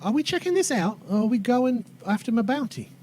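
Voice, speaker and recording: A man's voice: very high voice, very animated, brisk, darkish tone, slight background noise, pitched above the performer's own voice. A man voicing a blunt woman bounty hunter who speaks in a matter-of-fact way.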